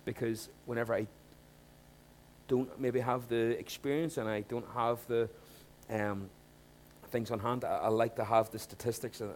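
A male preacher delivers a sermon in a mid-pitched voice. He talks conversationally and often restarts his sentences. He drops to low asides, then rises to emphatic rhetorical questions for the congregation. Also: slight background noise. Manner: frequent restarts, swings from quiet to emphatic.

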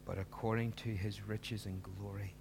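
A man's voice: lowish voice, flat delivery, normal speed, noisy background. A man preaching a sermon, earnest and pleading, pressing his listeners with emphatic questions.

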